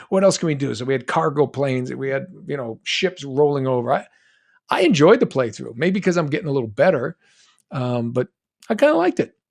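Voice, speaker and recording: A man's voice: fairly high pitch, vocal fry. A middle-aged man from New England chatting casually on a live stream, reading fan comments and rambling with frequent restarts. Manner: rambling, self-interrupting, reads fan comments aloud. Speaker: voice actor answering fan questions on a live stream.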